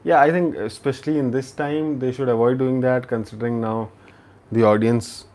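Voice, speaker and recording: A man's voice: mid-range voice, steady tone, darkish tone. A man hosting a casual live-stream chat, musing aloud and often restarting his sentences. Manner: halting and musing, with frequent restarts. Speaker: host of a live chat show.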